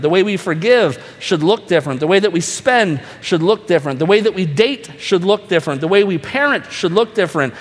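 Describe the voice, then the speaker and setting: Preaching man in a reverberant hall. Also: high voice. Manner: earnest preaching with rhetorical questions. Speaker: pastor. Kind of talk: sermon.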